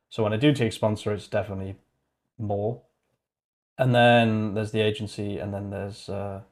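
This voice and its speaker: A man chatting casually on his own livestream, cracking jokes and laughing at them himself. His voice sits slightly low and the talk is loose and unscripted. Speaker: channel host.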